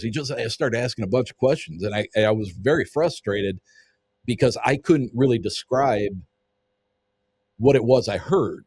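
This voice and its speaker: A man's voice: medium pitch, moderate pace, darkish tone, husky. A man telling a story in casual conversation as a podcast guest, vivid and swearing freely, acting out what people said.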